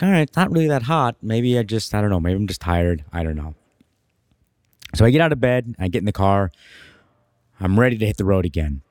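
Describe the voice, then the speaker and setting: Young guy, low voice, dry close mic, telling a wild story with lots of emphasis. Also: dry recording. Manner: animated, emphatic storytelling with big rises for emphasis. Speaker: podcast co-host. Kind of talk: casual storytelling.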